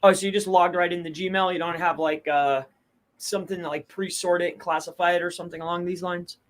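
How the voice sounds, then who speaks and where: A man with a notably high voice asks a string of questions in a relaxed chat. He stumbles and repeats himself while he hunts for the right words. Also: a little fast. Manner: hesitant, searching for words, stacks questions. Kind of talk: casual livestream Q&A.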